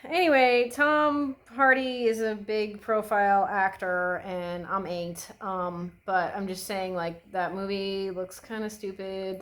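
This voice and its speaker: A woman's voice: medium pitch, poor audio. A young woman chats away as she does her makeup, dropping swear words and speaking her mind without a filter. Her talk rambles, full of fillers and restarts, with an easy and unpolished tone. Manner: swears freely, chatty and opinionated. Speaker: beauty vlogger. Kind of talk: casual chat while doing makeup.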